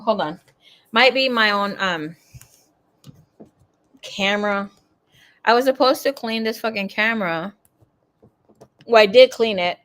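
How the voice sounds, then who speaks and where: A young woman giving a casual live tarot reading, rambling through personal asides with plenty of swearing and sudden swings between loud bursts and quiet mumbling. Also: medium pitch. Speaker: tarot reader.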